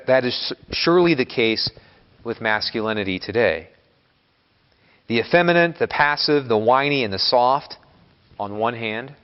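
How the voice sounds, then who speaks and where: A Catholic priest giving a homily in a church, speaking in a measured, emphatic way that builds lists of words. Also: male voice, mid-range voice. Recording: long church reverb, dull lo-fi sound.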